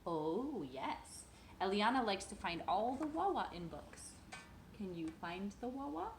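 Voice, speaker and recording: A woman's voice: medium pitch, very animated, unhurried, echoey room, slight background noise, low-quality recording. A woman reading a children's picture book aloud at home, sing-song and playful, talking to a toddler between pages.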